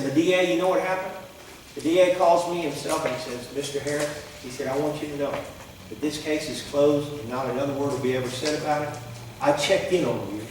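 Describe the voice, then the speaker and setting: Folksy pastor in an echoey hall. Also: male voice, a little high, recorded from a distance, slight background noise. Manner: folksy, animated storytelling with quoted voices. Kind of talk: sermon storytelling. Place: church sanctuary.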